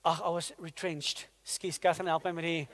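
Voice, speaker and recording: High-voiced pastor preaching. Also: male voice, brisk, slight background noise. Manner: energetic, asks the congregation rhetorical questions. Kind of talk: sermon. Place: church hall. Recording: long hall reverb in a church.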